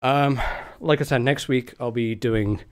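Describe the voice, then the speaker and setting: A man's voice: medium pitch, a little slow, clean tone. A young man streaming live, out of breath and exhausted, chatting casually with sighs between thanks. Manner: breathless, sighing, grateful and laughing.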